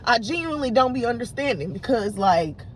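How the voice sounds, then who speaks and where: A woman's voice: a little high, animated, brisk, slight background noise. Frustrated woman vlogger in her late twenties. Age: late 20s. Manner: frustrated, retelling an argument with many fillers and restarts. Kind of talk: unedited casual monologue to camera.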